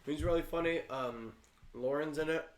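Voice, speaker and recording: A man's voice: fairly high pitch, moderate pace, echoey room, a little hiss or hum. A man co-hosting a casual livestream, chatty and rambling, often restarting his sentences. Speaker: livestream co-host.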